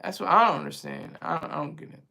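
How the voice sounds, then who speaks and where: A man hosts a livestream, reading viewer chat and chatting casually in a rambling way, laughing easily. His voice sits a little high and sounds gravelly, bright and forceful, and he talks at a quick pace.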